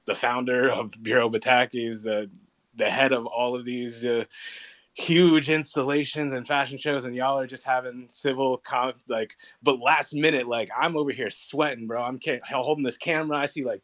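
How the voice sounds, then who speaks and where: Male host, mid-pitched, easygoing slangy chatter. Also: a bit bright, no room sound. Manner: loose and slangy, calls people "bro". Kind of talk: casual chat.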